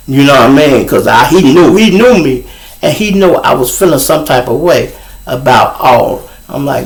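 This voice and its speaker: A middle-aged man with a Chicago accent, hosting his show and telling a profane, animated story in a casual way. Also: mid-range voice, normal speed, gravelly. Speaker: show host. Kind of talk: storytelling on a livestream.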